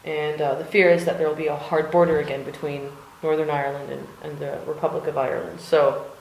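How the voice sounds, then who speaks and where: A woman's voice: sits low, little pitch movement, fairly quick, vocal fry, darkish tone, a little hiss or hum. A woman from the United States chatting casually and rambling in her art studio, with lots of fillers and the odd swear word. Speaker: vlogger. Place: cold home art studio. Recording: echoey room.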